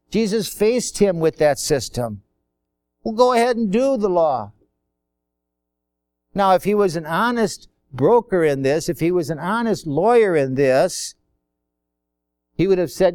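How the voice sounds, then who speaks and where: A man's voice: high-pitched, sing-song, unhurried, pauses often, darkish tone, no echo. A man preaching a sermon in a conversational way, asking rhetorical questions and acting out quotes.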